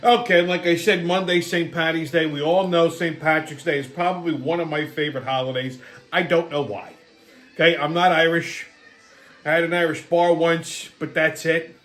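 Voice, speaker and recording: A man hosting his own channel, talking in a blunt, profane, animated rant that swings between loud and quiet. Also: a little high, normal speed, faint music behind. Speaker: host. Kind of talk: casual ranting monologue.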